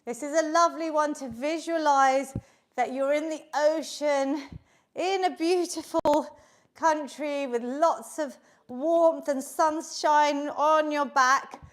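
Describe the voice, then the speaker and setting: A fitness instructor with a high voice speaks slowly while leading a class online, captured on a video call setup. She keeps things upbeat and encouraging, counting down reps, slightly out of breath as she works out alongside everyone.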